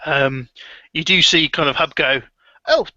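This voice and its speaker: A man's voice: on the high side, steady tone, measured pace, pushed and bright, no room sound, muffled recording. A man narrating as game master of a tabletop horror game, hesitant with many ums. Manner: hesitant, full of ums and restarts.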